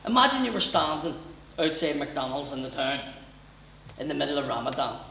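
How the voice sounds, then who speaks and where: A man's voice: fairly high pitch, very animated, a little fast, gravelly, pushed and bright, a little hiss or hum. A man doing stand-up comedy, telling a story in a swearing, conversational way. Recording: echoey room heard from far off.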